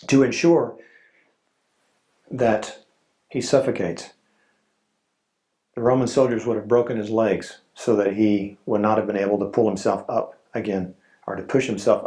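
A man preaching a sermon in a slow, solemn way, with dramatic pauses. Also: on the low side, steady tone, darkish tone. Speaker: pastor.

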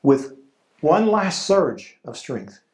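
A man preaching a sermon in a slow, solemn way, with dramatic pauses. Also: fairly high pitch, big pitch swings. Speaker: pastor.

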